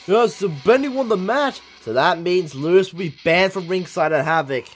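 Excitable high-voiced wrestling commentator, a man. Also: normal speed, few pauses, slight background noise. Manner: swings from calm to shouting with excitement.

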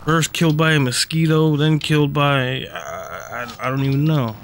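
A man's voice: fairly high pitch, moderate pace, gravelly, noisy background. A man streaming a video game live, commenting casually with frequent swearing and frustrated grumbling.

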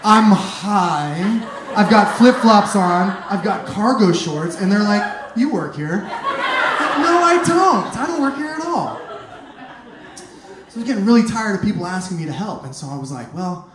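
A man performing a stand-up comedy set on a club stage, telling animated stories and shouting punchlines. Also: high voice, a little slow. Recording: echoey room, noisy club.

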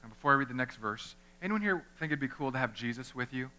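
A young man preaching a sermon as pastor in a church, animated and conversational, acting out the people he quotes. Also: medium pitch, fast talker. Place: church chapel.

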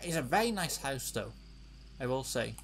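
A man's voice: mid-range voice, very animated, normal speed, vocal fry, a bit bright, slight background noise. A man giving joking, exclamatory commentary while playing a video game. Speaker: let's play gamer. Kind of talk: casual gameplay commentary.

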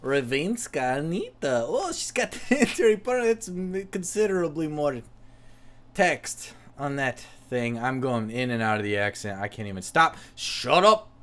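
A man's voice: on the high side, animated, moderate pace, fairly bright tone. A tipsy man hosting a let's-play of a video game, rambling with profane, mocking jokes as he plays. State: tipsy from drinking. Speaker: host.

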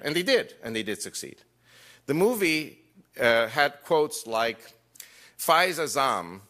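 A man with a fairly low-pitched, sharp-toned voice speaks to a live audience. His lecture is storytelling, personal anecdotes sprinkled with jokey asides and acted-out dialogue.

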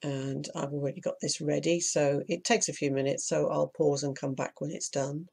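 Tutor, croaky and gravelly with hay fever, calm step-by-step screen walkthrough. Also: medium pitch, moderate pace. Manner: practical, explains step by step, mild asides of annoyance. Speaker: self-publishing tutor.

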